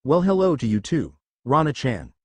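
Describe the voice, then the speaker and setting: A man's voice: medium pitch, big pitch swings, normal speed, no echo. A man voicing a brash, boastful young male fighter in a read-aloud story. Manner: boastful, teasing.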